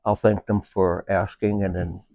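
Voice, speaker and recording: A man with a low voice speaks in a relaxed, halting way, often pausing to search for words. He talks as a veteran guest in a casual conversation. The sound is dry and close, with no room echo. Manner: halting, unhurried, with many filler pauses. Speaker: veteran guest with a service dog.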